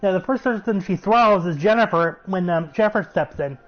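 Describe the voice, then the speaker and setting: A show reviewer gives a chatty, excitable recap of an episode, laughing as he retells it. His voice sits high and he talks briskly, with a muffled recording and faint music in the background.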